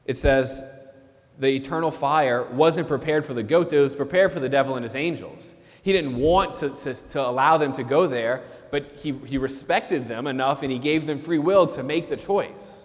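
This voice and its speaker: A man's voice: mid-range voice, in a large hall. A man, a priest, preaching a sermon in an earnest way and repeating key phrases for emphasis.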